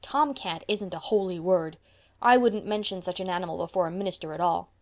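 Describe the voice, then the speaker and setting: A woman's voice: fairly low pitch, a little fast, a little mellow, natural voice. Woman reading as a defiant little boy. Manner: boastful then sulky. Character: defiant, sulky young boy.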